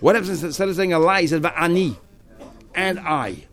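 A man's voice: a little high, normal speed, a bit bright. A man teaching a text study class, explaining step by step and acting out the speakers he quotes.

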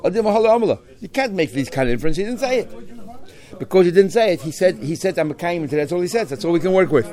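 Guy teaching a talmud class, lots of questions, animated, throws in hebrew words. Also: high voice, fast, hardly any pauses.

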